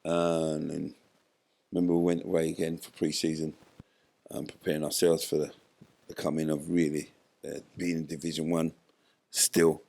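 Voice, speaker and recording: A man's voice: very deep voice, moderate pace, creaky, pauses often. An older man, telling a story in an interview and acting out what people said. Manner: animated retelling, acts out quoted dialogue. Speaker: interview guest, former footballer.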